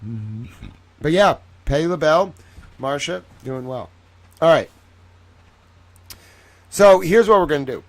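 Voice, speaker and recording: A man's voice: on the high side, expressive, unhurried, long pauses. A tired young man hosting a late-night live stream, rambling playfully and chatting with viewers by name.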